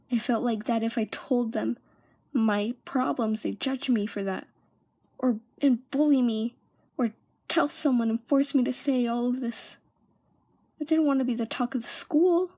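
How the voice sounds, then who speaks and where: A young woman vlogger tells a personal story in a slightly high voice. She halts now and then and often falls into hushed whispers. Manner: halting, drops into hushed whispers.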